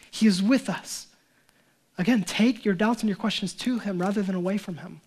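A man's voice: sits high, normal speed, darkish tone. A young adult male pastor giving a sermon, talking in an earnest, conversational way, acting out quoted voices and building up to emphatic passages.

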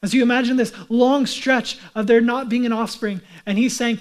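A man's voice: very high voice, fairly even intonation, a little fast, hardly any pauses. A male pastor preaching a sermon in a conversational way, often putting rhetorical questions to his listeners.

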